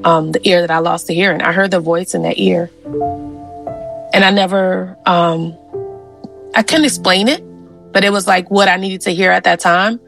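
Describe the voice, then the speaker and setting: A woman's voice: on the low side, steady tone, moderate pace, creaky, pauses often, fairly bright tone, faint music behind. A woman from Louisiana, a genealogist and interview guest, telling family stories in an earnest, conversational way with lots of fillers. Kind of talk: personal storytelling in an interview.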